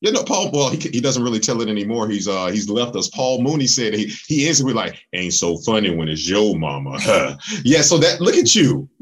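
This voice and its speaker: Husky-voiced man hosting a podcast. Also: mid-range voice, big pitch swings, a little fast, few pauses. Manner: enthusiastic, hype-man praise. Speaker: podcast co-host. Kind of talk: casual interview chat.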